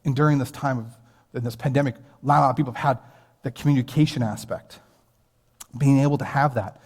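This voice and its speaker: A man's voice: medium pitch, fairly even intonation, fast, darkish tone, breathy edge. A man in his thirties with an American accent, preaching a sermon as a pastor and telling a personal story in an earnest, conversational way. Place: church sanctuary. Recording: long hall reverb.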